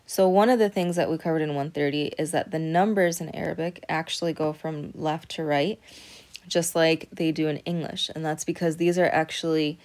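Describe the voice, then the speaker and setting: A woman's voice: deep voice, a little mellow. A woman teaching a recorded Arabic lesson, patiently explaining step by step and checking in with frequent "okay".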